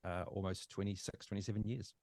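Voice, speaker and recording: A New Zealand man in his fifties, a podcast guest telling his own story in a halting, emotional way with many restarts. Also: fairly low pitch, steady tone, mellow, no room sound. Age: 50s. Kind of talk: personal storytelling.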